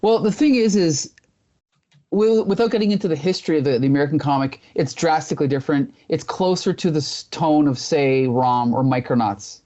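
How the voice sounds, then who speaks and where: A man co-hosting a relaxed discussion about comic books. He rambles and thinks aloud, his voice dark and mellow. The audio sounds dull and lo-fi. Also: a little high, brisk. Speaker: podcast co-host.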